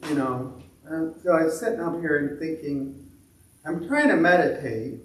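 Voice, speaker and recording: A man leading a meditation group, talking in a halting, self-deprecating way with many restarts. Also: on the high side. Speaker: meditation leader. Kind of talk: reflective talk to a meditation group. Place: meditation temple hall. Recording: echoey room from a distant mic.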